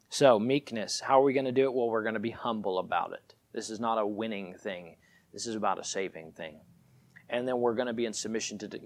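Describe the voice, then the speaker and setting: A man preaching a sermon on defending the faith, growing emphatic and louder on key points. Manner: emphatic, rises in pitch and volume when stressing points.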